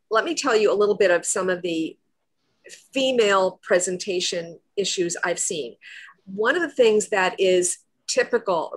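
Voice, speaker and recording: A woman speaking as a presentation coach, a guest on a video-call talk show, explaining in a confident, animated way. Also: on the low side.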